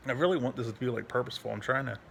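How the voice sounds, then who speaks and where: A man's voice: rapid-fire, creaky, fairly bright tone, a little hiss or hum. A man talking bluntly in a casual, rambling vlog at home, swearing often and restarting his sentences. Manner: high baby-talk voice when speaking to his dog. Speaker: veteran vlogger.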